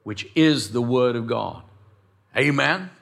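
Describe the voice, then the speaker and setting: A man preaching a lively sermon as pastor of a church, acting out voices and quotes along the way. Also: medium pitch, slow, creaky.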